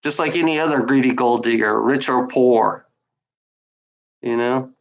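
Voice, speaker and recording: A man's voice: mid-range voice, unhurried, vocal fry, poor audio. A man livestreaming alone, ranting at his chat trolls in a scornful, profane, repetitive way. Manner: profane, scornful, repeats himself, talks back to chat. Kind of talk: rambling livestream rant.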